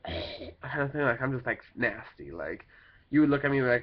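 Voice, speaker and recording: In a dull, lo-fi recording made at home, a young man vlogs casually about his life while he has a cold, filling his rambling with "like" and "kinda thing." He speaks at medium pitch and normal speed.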